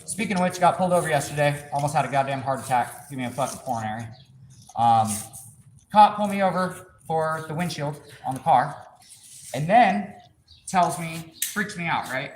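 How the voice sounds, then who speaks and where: A man's voice: a little high, moderate pace. A man telling a rambling, profane story in casual talk, acting out other people's lines as he goes. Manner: animated, swears a lot, acts out others' lines. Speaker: shop vlogger telling a story. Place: car workshop. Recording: echoey room with faint noise.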